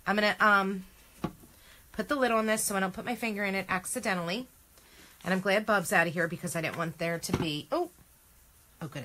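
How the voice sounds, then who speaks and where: A woman's voice: mid-range voice, pushed and bright, slight background noise. A woman chatting through a home craft demo, chatty and self-deprecating, often exclaiming. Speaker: craft vlogger.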